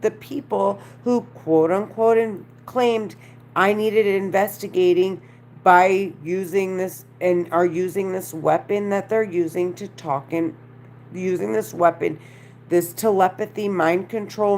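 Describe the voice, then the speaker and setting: A distressed woman speaks alone to the camera with a lisp, dragging her words out slowly. She sounds agitated and keeps repeating herself, stopping and restarting often. A faint hum sits under her voice. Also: mid-range voice, a little mellow. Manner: agitated, repetitive, halting. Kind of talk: direct-to-camera monologue.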